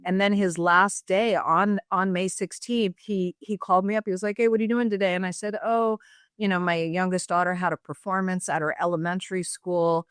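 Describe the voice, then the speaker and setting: A woman's voice: fairly low pitch, steady tone, fairly quick, clean tone, no echo, studio quality. A woman guest on a podcast, reflectively recounting memories and acting out bits of remembered dialogue. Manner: reflective, acts out quoted dialogue. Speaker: guest, sister of the subject. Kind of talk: casual interview storytelling.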